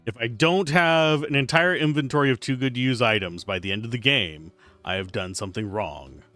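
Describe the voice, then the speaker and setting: A man's voice: mid-range voice, brisk, sharp tone, faint music behind. A man streaming a game, giving wry, rambling casual commentary.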